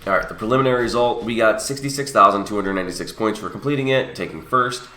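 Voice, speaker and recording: A man's voice: lowish voice, fast talker, pushed and bright, roomy sound, faint music behind. A young man with a cold, sniffly and a bit under the weather, casually walking viewers through a mobile game and correcting himself as he goes. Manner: explanatory, self-correcting. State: sick and sniffly. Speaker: gaming channel host. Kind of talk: casual game walkthrough commentary.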